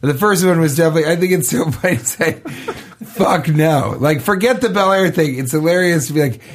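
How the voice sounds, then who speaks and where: Co-host, man, wisecracking banter, a bit high-pitched. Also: fast talker. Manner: joking, wisecracking interjections. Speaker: podcast co-host. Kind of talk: casual chat.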